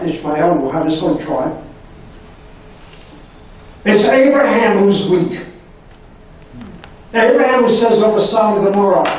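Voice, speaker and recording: A man's voice: sits high, darkish tone, far from the mic, slight background noise. A man, a professor, giving a dramatic public lecture full of rhetorical questions, his voice sinking to near-whispers at emotional points. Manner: dramatic, impassioned delivery with many rhetorical questions. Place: university lecture hall. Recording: echoey hall recorded from afar.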